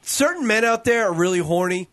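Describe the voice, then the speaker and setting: A man with a fairly high voice co-hosts a casual podcast, riffing through crude stories in a loose, rambling way. The sound is dry and close, with no room around him. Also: expressive, a little fast, a bit bright, no echo. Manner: crude, joking, rambling storyteller. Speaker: co-host.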